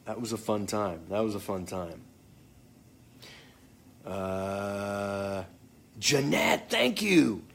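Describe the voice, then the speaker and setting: A man's voice: fairly low pitch, animated, drawn-out words, vocal fry, long pauses, fairly bright tone, a little hiss or hum. A man casually answering fan comments, joking and swearing freely. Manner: joking, profane, off the cuff. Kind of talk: casual live chat.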